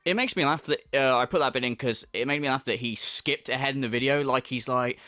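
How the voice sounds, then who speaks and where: A man's voice: on the high side, big pitch swings, brisk, few pauses, sharp tone, no room sound, studio quality. Sweary mocking male commentator. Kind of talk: profane reaction commentary.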